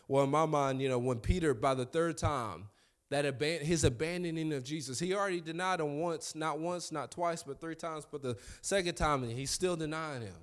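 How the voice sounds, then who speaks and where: A young man, preaching a sermon in a conversational, storytelling way with asides to the congregation. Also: a little high. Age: young adult.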